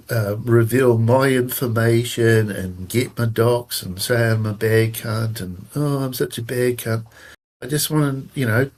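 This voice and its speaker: A man's voice: medium pitch, a little mellow, low-quality recording. A man, a guest on a casual livestream, talking indignantly and swearing a lot.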